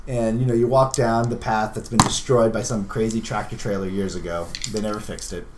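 A man's voice: on the low side, steady tone, brisk. Guy narrating a tabletop game, rambly, lots of "you know", echoey room. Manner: rambling, filler-heavy storytelling. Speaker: game master. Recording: echoey room, faint hum.

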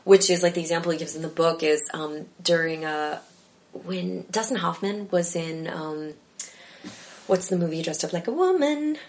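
A woman talking casually as an interview guest about improv, animated and rambling with lots of fillers. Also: low-pitched, normal speed, a little hiss or hum.

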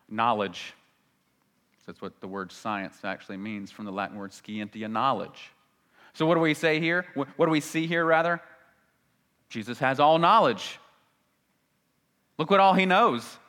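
A man preaching a sermon as a pastor, emphatic, swinging between loud and hushed and repeating phrases for stress. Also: medium pitch, lively intonation, a little slow, long pauses. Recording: long reverb of a large hall.

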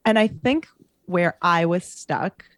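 A woman's voice: lowish voice, slow, no echo, studio quality. A woman who works as a coach, talking in a casual podcast conversation, earnest and emphatic, making her points in repeated parallel phrases.

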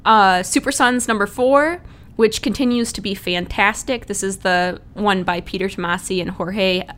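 A woman's voice: mid-range voice, moderate pace, a bit bright. Chatty woman co-hosting a podcast. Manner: chatty, laughs often. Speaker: podcast co-host. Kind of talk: casual chat about comics.

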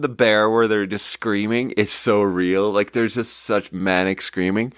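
A man hosting a podcast, telling stories in a rambling, self-interrupting way with lots of fillers and bursts of giggly excitement. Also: lowish voice, unhurried, hardly any pauses, clean tone, no room sound, studio quality. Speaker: podcast host; restaurant front-of-house worker. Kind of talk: casual chat, storytelling.

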